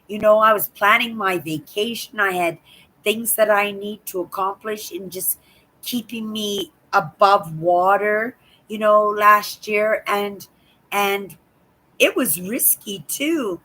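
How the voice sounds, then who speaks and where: An older woman with a hoarse voice, chatting in a rambling way on her live stream from home and repeating words. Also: mid-range voice, sharp tone, rough recording. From Canada. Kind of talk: casual chat. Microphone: laptop.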